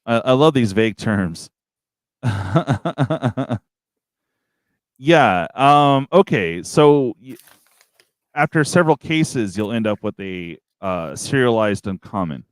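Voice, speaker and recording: A man hosting a casual card game stream, chatty and quick to react, laughing often. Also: fairly low pitch, expressive, no room sound. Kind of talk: casual chat.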